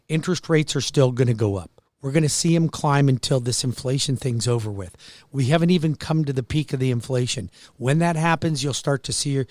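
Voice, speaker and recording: A hoarse man hosting a talk radio show, pitching his services in an upbeat, emphatic, salesy way. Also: no room sound. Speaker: radio show host and mortgage broker.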